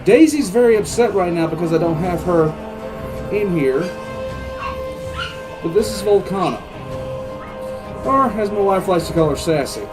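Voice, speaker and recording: A man's voice: high voice, lively intonation, a little slow, pauses often, music in the background, rough recording. An older man hosting a reaction channel, chatting casually and talking fondly to his dogs. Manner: chatty, doting baby talk to pets. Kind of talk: casual chat.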